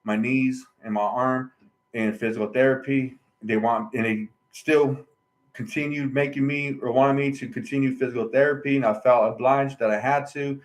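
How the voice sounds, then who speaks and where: In a casual vlog with low-quality audio, a man with a mid-range, fairly even voice tells his own story at normal speed. He rambles earnestly and sounds aggrieved, often adding "right?" and "you know".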